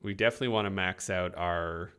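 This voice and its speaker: A man co-hosting a game livestream, chatting casually and thinking out loud as he plays, laughing easily. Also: low voice, fast talker, smooth. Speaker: game streamer co-host. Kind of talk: casual gameplay chat.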